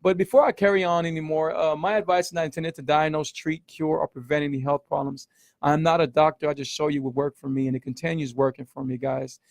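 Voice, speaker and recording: Here a middle-aged keto coach talks fast in a creaky, higher-leaning voice with a steady tone, recorded in a clean studio with no echo. Hosting his casual livestream, he's emphatic, circles back over the same points, and says "man" and "y'all" often.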